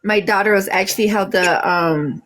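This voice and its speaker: A woman's voice: medium pitch, normal speed, fairly bright tone. A middle-aged woman hosting a live stream, chatting casually, laughing often and trailing off with fillers. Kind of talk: casual chat.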